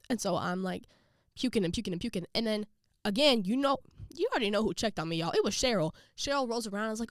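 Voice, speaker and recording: A young woman vlogging, casually telling a story to her viewers and acting out quotes with jumps in pitch. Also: lively intonation, fast, dry recording, studio quality.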